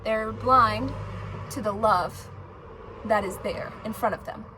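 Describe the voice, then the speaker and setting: A woman's voice: a little high, slow, background noise. Emphatic, rambling woman vlogger. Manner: emphatic, rambling, swears freely; many fillers and restarts. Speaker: spiritual vlogger. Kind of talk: casual monologue to camera.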